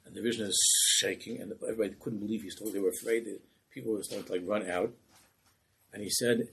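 Deep raspy gravelly male preacher. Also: fast, low-quality recording. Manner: animated, acts out voices. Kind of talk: storytelling sermon.

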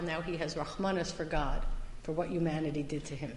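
A woman teaching a Torah class as a summer lecture, stressing some points loudly and dropping into quiet asides. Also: deep voice, steady tone, brisk, a little hiss or hum. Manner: emphatic, swings between loud stresses and quiet asides. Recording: echoey hall with long reverb.

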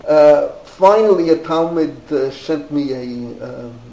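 Gravelly older New man rambling. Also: on the high side, takes it slowly, mellow, muffled recording. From New York. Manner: digressive, many fillers and restarts. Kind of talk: rambling anecdotal storytelling. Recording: roomy echo, faint background noise.

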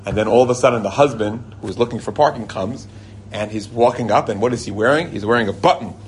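An animated storyteller based in Israel, he mixes religious teaching into lively tales for a group. He talks fast, and when he quotes someone his voice jumps high and excited. He chuckles, restarts sentences partway through, and a faint hiss or hum runs underneath.

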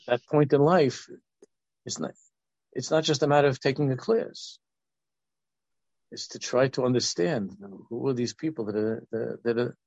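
An older man in his sixties gives an informal Torah talk in a gravelly, husky voice. He rambles and restarts his sentences. The sound is dull and lo-fi, recorded dry. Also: medium pitch, a little mellow, no room sound. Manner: rambling, with many restarts and asides.

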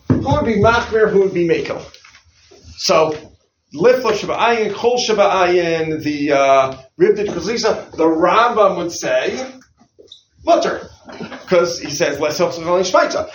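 A man teaching a study class on religious law, animated and questioning, often putting questions to his students. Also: high voice, roomy sound, slight background noise. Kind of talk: halacha study lecture.

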